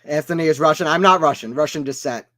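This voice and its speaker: A man from the American South calls a tennis match on a live stream in a loose, conversational way. His American accent comes through as he drifts between the rallies and remarks to the chat, and his voice sits a little higher than most men's. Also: fast talker, pushed and bright. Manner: chatty, reads chat aloud and drifts off topic. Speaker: stream commentator. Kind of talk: casual play-by-play commentary.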